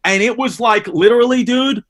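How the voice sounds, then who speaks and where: A man with a New York accent, a comedian guest on a podcast, telling crude stories in a brash, animated way. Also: very high-pitched, fairly quick. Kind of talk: casual comedic storytelling.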